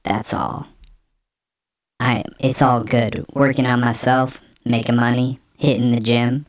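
A man voicing a bitter young man sulking over a breakup, reading slowly and flatly through a voice changer effect. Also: mid-range voice, dry recording, studio quality, voice pushed up. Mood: sullen, bitter. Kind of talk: mock dramatic reading of a post.

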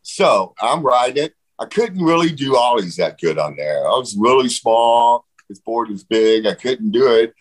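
A man telling stories in a casual interview, animated, swearing freely and acting out what others said. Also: medium pitch, normal speed, few pauses, low-quality recording. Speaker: guest.

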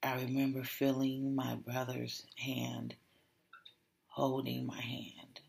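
Slow, gravelly podcast storyteller. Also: medium pitch, completely flat delivery, a little mellow. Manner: reflective, often drops to a whisper; repeats words and restarts when emotional. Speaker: podcast host. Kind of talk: personal storytelling monologue.

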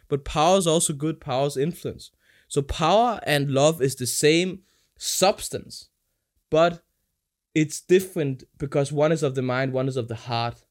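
Man, casual chat, crude and preachy, rambling, slightly high voice, acts out voices. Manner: crude, preachy, digressive storytelling; animated, acts out quoted voices. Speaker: podcast guest, older brother.

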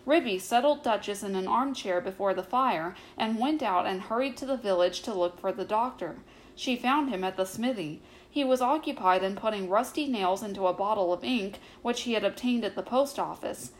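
Calm woman reading a bedtime story. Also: mid-range voice, poor audio. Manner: calm, measured narration.

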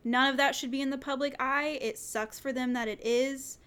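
A young woman co-hosts a podcast in a smooth, high, fairly bright voice with fairly even intonation and normal speed. It's casual chat, emphatic and full of fillers.

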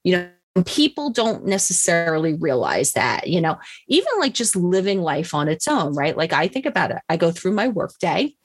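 A woman's voice: fairly low pitch, big pitch swings, moderate pace, husky, no echo. A middle-aged woman telling a story in a casual monologue, blunt and profane, mocking herself and laughing often.

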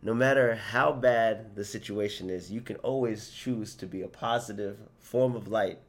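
A man co-hosting a casual podcast, telling the story in an upbeat, animated way. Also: lowish voice, normal speed. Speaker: podcast co-host.

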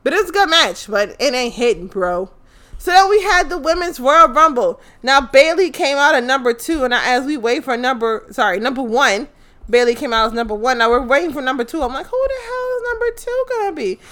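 Bright, blunt young woman vlogger. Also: high voice, brisk. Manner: animated, blunt, swears often. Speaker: wrestling recap vlogger. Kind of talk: casual profane recap. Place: her apartment.

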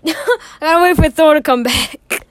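A teenage podcast host in casual chat, rambling, joking and swearing a lot. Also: female voice, high voice, normal speed. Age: teens. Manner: rambling, swears a lot, jokey fake Australian slang.

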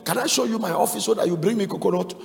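A man's voice: high voice, racing, creaky. A man acting out an eager businessman who is impressed by a young man. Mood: delighted. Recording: long reverb of a large hall.

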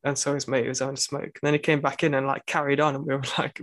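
A man's voice: medium pitch, flat delivery, fast talker, fairly bright tone, dry recording. A young man, a university student, telling a rambling story in casual chat, full of fillers and restarts.

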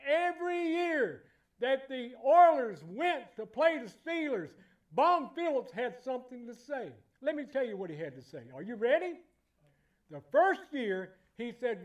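High-voiced man preaching a lively sermon. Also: unhurried. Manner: emphatic, repetitive, building to loud exclamations. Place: church.

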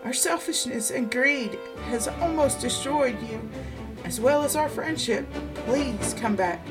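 Shrill, excited little woodland critters cry out in a storybook tale, as a woman reading aloud puts them on. Their voices jump high above a storyteller's usual tone. Soft music plays underneath. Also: unhurried, distant mic, low-quality recording. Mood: pleading. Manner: high shouting cries.

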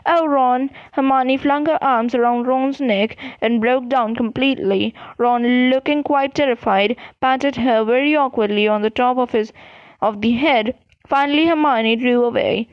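Brief: woman podcast reader, steady read-aloud, dry close mic, dull lo-fi sound. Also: a little high, normal speed, clear, resonant tone, no echo. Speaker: podcast host reading a book aloud. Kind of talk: audiobook read-aloud narration.

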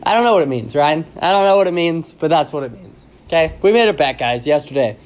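A man with a somewhat high voice hosts a loose, casual podcast. He rambles and jokes his way through stories, and his talk is full of ums, uhs and restarts. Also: expressive, fast. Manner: rambling and joking, with many fillers and restarts. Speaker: podcast host. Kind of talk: casual solo podcast chat.

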